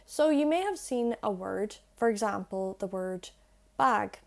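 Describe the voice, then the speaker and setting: A young woman talks to camera in a friendly, self-deprecating way, pausing to stretch out sounds as she demonstrates them. Her voice sits at an ordinary middle pitch and comes through a small earphone mic plugged into a phone. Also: animated, creaky, darkish tone. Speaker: language-learning YouTuber. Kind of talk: explaining pronunciation to camera.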